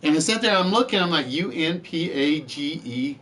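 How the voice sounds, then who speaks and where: A man's voice: fairly high pitch, expressive, normal speed, bright, forceful tone. A man hosting a live-streamed word game show, chatty, reading out letters and scores and joking with the players.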